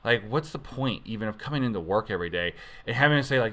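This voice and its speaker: A man's voice: on the low side, expressive, quick pace, fairly bright tone. A man giving a casual devotional talk as a youth pastor, rambling and conversational, often correcting himself mid-sentence.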